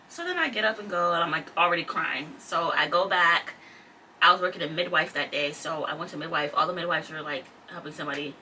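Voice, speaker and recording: Her voice is low-pitched yet bright and forceful as this twenty-something vlogger casually recounts something that happened to her. She leans on "like" and quoted speech throughout, recorded from a distant mic with faint noise behind her.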